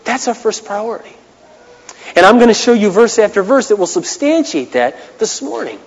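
A high-voiced male pastor preaches with wide, animated swings of pitch, moving from loud declarations to hushed asides. The sound carries a long reverb, as if preached in a big hall. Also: normal speed, husky, muffled recording. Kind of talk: sermon.

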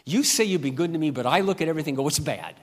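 An older man preaching a sermon with impassioned delivery, dropping to a hush and rising to loud peaks. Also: fairly high pitch, racing. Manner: impassioned, swings from hushed to loud. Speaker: pastor. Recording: long reverb of a hall.

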